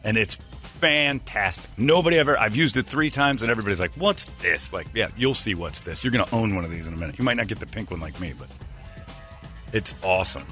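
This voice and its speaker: A man's voice: lowish voice, expressive, fast talker, sharp tone, soft background music. A man hosting a casual morning radio show, telling stories that mock himself and acting out other people's lines. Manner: self-mocking storyteller, acts out other people's lines.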